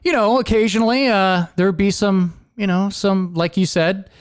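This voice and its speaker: A man's voice: high-pitched, steady tone, normal speed, clean tone. A young adult man hosting a podcast, telling a rambling story in casual chat and laughing often. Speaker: podcast host.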